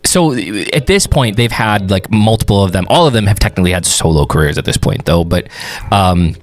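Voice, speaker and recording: A man's voice: sits low, animated, a little fast, no echo. A man co-hosting a music reaction show, chatting casually and explaining vocal technique at length. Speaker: music producer co-host.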